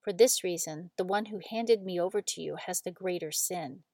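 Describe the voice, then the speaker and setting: A woman voicing a calm, solemn male teacher in a steady scripture reading. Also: on the low side, normal speed, dry recording, studio quality.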